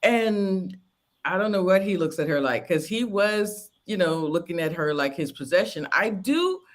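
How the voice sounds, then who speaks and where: A woman's voice: fairly low pitch, lively intonation, normal speed. Woman co-host, casual reality-show review chat, chatty delivery with fillers and easy laughs.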